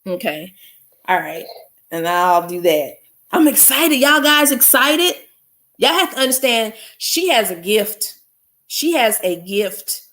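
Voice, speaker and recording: A woman's voice: medium pitch, very animated, takes it slowly, a bit bright. A woman hosting a casual livestream, talking to her viewers in an effusive way and repeating her exclamations. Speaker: livestream host.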